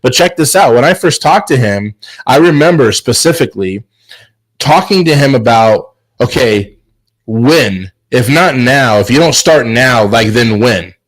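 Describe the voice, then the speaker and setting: A man's voice: medium pitch, lively intonation, unhurried, poor audio. A man hosting a chef business show, giving an emphatic, preachy motivational talk on a video call. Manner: emphatic, preachy, repeats words. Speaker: host.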